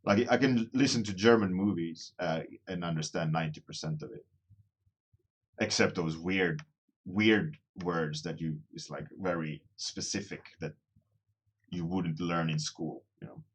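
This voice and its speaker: A man's voice: sits low, unhurried, breathy edge. A man casually chatting with viewers during a livestream, rambling and self-deprecating, often restarting his phrases as he thinks aloud. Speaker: artist streaming a daily warmup.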